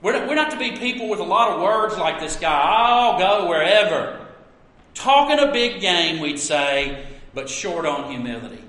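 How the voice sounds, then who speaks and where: High, bright preacher in an echoing hall. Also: male voice, lively intonation, moderate pace. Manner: earnest, emphatic preaching with rhetorical questions. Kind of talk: sermon. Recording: echoey hall with long reverb.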